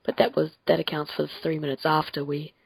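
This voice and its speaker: Gravelly, husky young woman from France. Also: sits low, little pitch movement, fast, no echo, poor audio. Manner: rambling, self-correcting, laughs often. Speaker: podcast host. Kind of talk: casual chat. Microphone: home computer mic on a Skype call.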